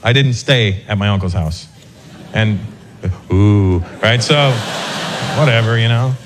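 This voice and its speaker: A man from North America doing stand-up comedy, telling a story in an animated, self-mocking way. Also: lowish voice, a little slow, noisy background.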